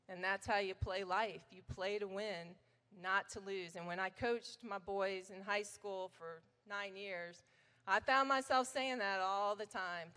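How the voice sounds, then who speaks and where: Speaking with a sharp tone at medium pitch and a slightly slow pace, a middle-aged woman tells stories about her former coach. It's a chatty, anecdotal hall of fame acceptance speech at a banquet, and the recording carries a long hall reverb.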